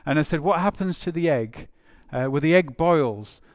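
A man's voice: a little high, expressive, normal speed, no echo, clean studio sound. A man preaching a sermon in a conversational way, repeating phrases for emphasis with frequent fillers.

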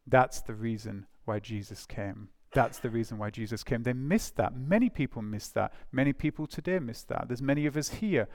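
A man's voice: mid-range voice, normal speed, hardly any pauses. Man preaching an informal sermon. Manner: informal storytelling, addresses children; conversational, many fillers and restarts. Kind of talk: sermon to a church congregation.

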